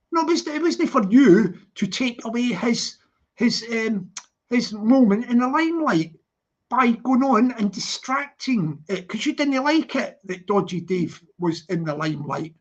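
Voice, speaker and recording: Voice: medium pitch, lively intonation, a little slow. A live commentator, rambling and repeating themselves, full of "you know what I mean". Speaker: livestream commentator. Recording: lo-fi livestream audio.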